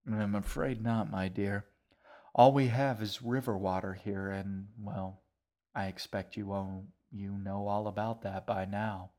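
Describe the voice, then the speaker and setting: A man's voice: lowish voice, fairly even intonation, a little slow, a little mellow, lightly acted. A man reading an audiobook voices a shaggy, whimsical host who talks in a wry, mocking, theatrical way.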